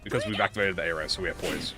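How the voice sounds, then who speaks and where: A man giving casual gameplay commentary, playful and excitable, swearing freely and talking back at the game. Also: deep voice, racing, over music. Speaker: gaming channel host.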